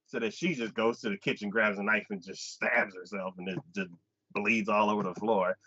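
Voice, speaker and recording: A man's voice: moderate pace, slightly rough, no room sound. A man hosting a casual anime chat, retelling an episode and acting out the characters' lines. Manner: animated retelling, acts out characters' lines with pitch jumps. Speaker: anime podcast host. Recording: dull lo-fi dry sound.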